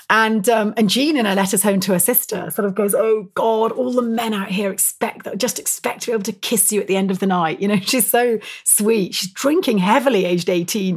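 A woman historian talking as an interview guest, telling stories in an animated, emphatic way full of fillers and quick self-corrections. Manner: animated, emphatic storyteller with frequent rises in pitch and loudness. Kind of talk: conversational interview storytelling.

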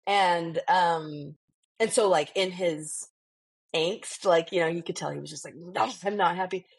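A woman in her thirties with a soft, breathy voice tells a story on a parenting podcast. She rambles and giggles, filling her talk with "like" and "you know.". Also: lowish voice, measured pace. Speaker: podcast co-host. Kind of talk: casual parenting podcast chat.

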